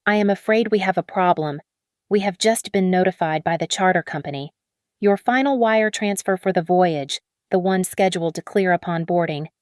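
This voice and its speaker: A woman voicing a polite, firm ship captain who speaks calmly. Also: on the low side, normal speed, no room sound, studio quality, natural voice.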